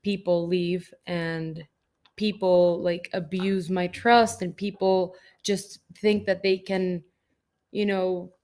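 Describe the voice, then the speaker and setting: A woman's voice: level tone, takes it slowly, a little mellow. Candid woman talking openly on a podcast. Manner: candid, many "like" fillers, mid-range pitch. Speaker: podcast co-host. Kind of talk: casual chat.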